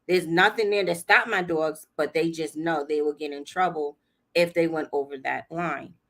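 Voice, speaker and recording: A woman's voice: low voice, fairly even intonation, moderate pace, fairly bright tone. A woman hosting a livestream, telling a story casually, laughing often and acting out what people said. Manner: chatty, laughs often, acts out quotes. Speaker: livestream host.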